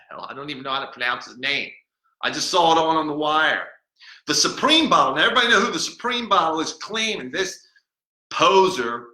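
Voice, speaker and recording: A cranky, boastful talking bottle, as a man hosting a comedy podcast puts it on rambles and mocks, tripping over his words. The voice is sharp and strained, sitting a little high. It rings in an echoey room. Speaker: podcast host.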